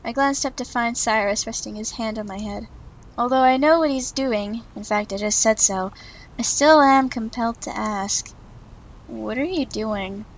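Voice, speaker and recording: Brief: stubborn, earnest young woman narrating a visual novel, read by a woman, slightly high voice. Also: moderate pace, lightly acted, low-quality recording. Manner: indignant, earnest narration in first person. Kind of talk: reading a visual novel aloud.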